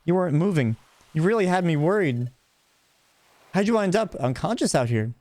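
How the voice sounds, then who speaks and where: Give me an eager young Pokémon hero, high and bright, as a man voices him. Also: expressive, normal speed, dry recording, lightly acted. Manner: eager, high-pitched reading.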